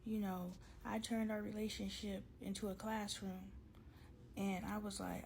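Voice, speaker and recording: A woman talking candidly to camera in a casual storytime vlog, slangy and animated, acting out both sides of an argument with her husband. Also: mid-range voice, normal speed, gravelly, a little hiss or hum, low-quality recording. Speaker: vlogger.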